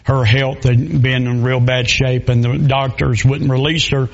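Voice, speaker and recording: A man with a drawl preaching from the pulpit, telling homespun stories in loose country grammar. His pitch sits mid-range for a man, and the recording sounds somewhat dull and lo-fi. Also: little pitch movement, unhurried, vocal fry. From Southern US. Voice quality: folksy, storytelling with dialect grammar. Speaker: pastor. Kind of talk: sermon.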